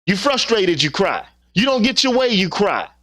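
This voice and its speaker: A man's voice: high voice, big pitch swings, moderate pace, a bit bright. A man hosting his own channel, delivering a heated opinion monologue with profanity and repeated rhetorical questions. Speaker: channel host.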